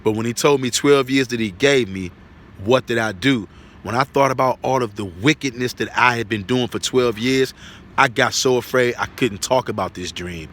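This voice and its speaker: A man's voice: mid-range voice, normal speed, fairly bright tone. A man giving an earnest spoken religious testimony, repeating himself and checking in with tag questions.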